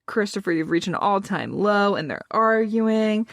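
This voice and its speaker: A podcast co-host talking through a book chapter by chapter, her voice full of vocal fry. She reads passages aloud with relaxed, chatty energy and breaks into laughs along the way. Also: medium pitch, unhurried. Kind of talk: casual book recap chat.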